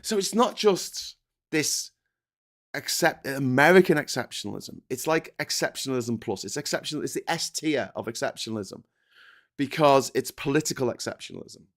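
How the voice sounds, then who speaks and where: A man's voice: mid-range voice, lively intonation, normal speed. A man hosting a political commentary monologue, ranting with passion and repeating himself. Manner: impassioned, repetitive, ranting. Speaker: host.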